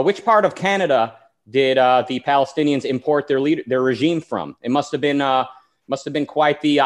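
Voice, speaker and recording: Sarcastic American man debating. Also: mid-range voice. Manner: sarcastic, argumentative, many restarts. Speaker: podcast co-host. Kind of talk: casual political debate.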